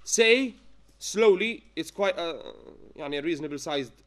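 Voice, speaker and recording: A man with a high voice teaches a tajweed class, dictating notes slowly and checking in with his students after nearly every point. He breaks into chanted verses to show each rule. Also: expressive. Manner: dictates slowly, checks understanding with frequent questions; chants Arabic verses when giving examples. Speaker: Quran recitation teacher. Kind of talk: classroom lesson.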